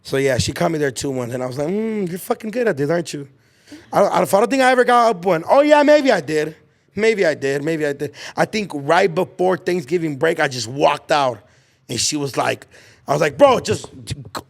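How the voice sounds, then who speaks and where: A man's voice: on the high side, brisk, gravelly. A young man hosting a podcast, telling school stories in casual slang, acting out the people he quotes. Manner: animated storyteller acting out quotes, heavy slang and swearing. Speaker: podcast host. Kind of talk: casual storytelling chat.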